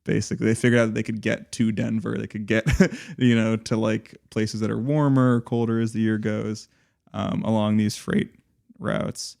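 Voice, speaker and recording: A man's voice: lowish voice, level tone, normal speed, creaky, a little mellow. A man co-hosting a podcast, talking casually and rambling, with many fillers and restarts. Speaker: podcast co-host.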